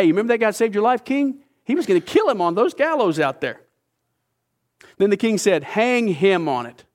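A man preaching a sermon, retelling a scripture story with lively asides. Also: on the high side. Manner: animated storytelling, acting out characters. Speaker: pastor.

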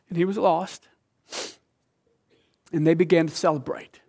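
A man preaching a sermon with emphasis, dropping from loud phrases to hushed whispers and asking the listeners questions like a teacher. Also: fairly high pitch, steady tone, unhurried, vocal fry, pauses often.

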